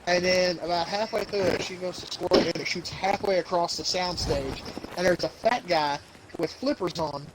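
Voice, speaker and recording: In a high-pitched voice at a moderate pace, a young man on his podcast rambles through crude stories with casual banter. He slips into goofy voices, laughs plenty, and noise fills the background.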